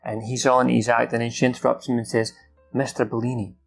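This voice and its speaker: Over faint background music, a man recaps a film's plot from memory in a casual, off-the-cuff way. His gravelly, medium-pitched voice has little pitch movement and a brisk pace, and he rambles with fillers and restarts, swearing now and then.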